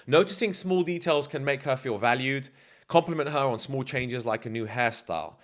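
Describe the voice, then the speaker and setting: A man's voice: mid-range voice, moderate pace. A man talking as a dating coach in a casual vlog, blunt, slangy and self-assured.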